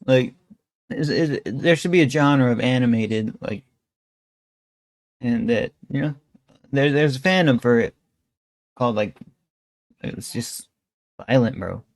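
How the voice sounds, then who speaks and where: A man's voice: medium pitch, a little slow, long pauses, no echo. A young man streamer giving rambling, slangy reaction commentary into a close mic.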